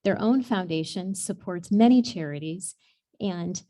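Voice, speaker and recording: A woman's voice: fairly low pitch, unhurried, mellow. A woman presenter reading prepared introductions of honorees at an awards event.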